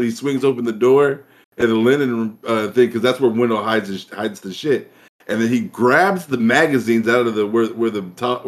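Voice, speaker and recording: Profane, animated male storyteller. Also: mid-range voice. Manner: profane, animated, acts out scenes. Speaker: podcast co-host. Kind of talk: casual storytelling.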